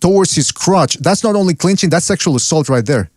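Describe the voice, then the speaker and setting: A male podcast host jumping in to moderate a boxing debate, talking quickly. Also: on the high side, expressive, no echo, clean studio sound. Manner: interjecting, talks quickly.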